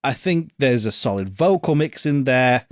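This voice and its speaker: A man's voice: medium pitch, expressive, normal speed, no room sound, studio quality. A man co-hosting a podcast, giving thoughtful casual opinions on an album, hedging with ums and restarts and swearing now and then. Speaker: podcast co-host. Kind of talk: casual music review chat.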